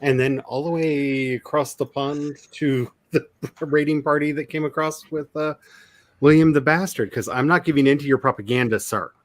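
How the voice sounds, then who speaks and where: A man's voice: on the high side, steady tone, moderate pace, no room sound. A man, an author hosting a casual chat, talking in long, wry digressions. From Ozarks, USA. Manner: chatty, digressive, wry asides. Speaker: author and channel host.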